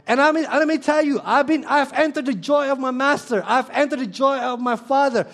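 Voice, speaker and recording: A man voicing Jesus, declaring loudly and triumphantly that the suffering is worth it. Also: very high-pitched, brisk, pitched above the performer's own voice. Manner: rising to loud, proclaiming declarations.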